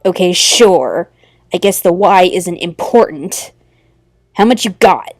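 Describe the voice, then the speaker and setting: A woman voicing a violent, greedy young female troll mercenary who talks slowly with a sneer. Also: lowish voice, animated, no echo, clean studio sound, pitched below the performer's own voice. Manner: slow, sneering and menacing.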